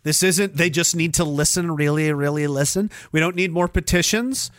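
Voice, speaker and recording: Sarcastic ranting livestream host, high voice. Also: male voice, normal speed, fairly bright tone, no room sound, studio quality. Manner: sarcastic, mocks others in high mimicking voices; profane, rambling.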